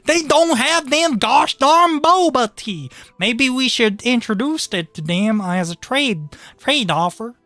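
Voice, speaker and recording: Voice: high-pitched, lively intonation, slow pace, few pauses, sharp tone, no room sound, pitched above the performer's own voice, heavily acted. A voice actor doing a folksy Southern woman who is a star being, with a twangy drawl, as a comedy bit in casual chat. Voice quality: twangy drawl, "yes sirree" folksy phrasing. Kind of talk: comedic improvised voice.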